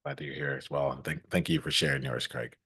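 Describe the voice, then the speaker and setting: A man hosting a podcast panel, talking in a reflective, halting way with lots of restarts and fillers, from the United States, on a video call. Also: very deep voice, steady tone, bright, forceful tone, breathy edge. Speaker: podcast host. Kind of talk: casual podcast panel wrap-up.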